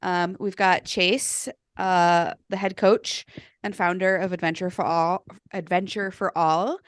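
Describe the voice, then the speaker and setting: A woman's voice: fairly low pitch, fairly even intonation, unhurried, smooth, no echo, studio quality. A woman co-hosting a podcast, chatting casually with many ums and likes and reading out guest bios. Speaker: podcast co-host.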